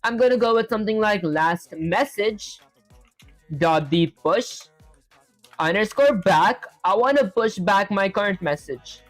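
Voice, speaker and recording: A man's voice: sits high, lively intonation, measured pace, no room sound. Young guy live coding, talking thru it, dry close sound, faint music behind. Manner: thinks aloud, reads chat to viewers. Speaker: livestreaming programmer. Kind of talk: casual live coding chat.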